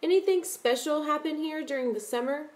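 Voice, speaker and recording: A woman narrator gives voice to a friendly, shy man of about forty with one arm, speaking softly and politely. His questions lift upward with curiosity, in a storybook reading. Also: high voice, brisk, voice pushed up, natural voice. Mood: curious.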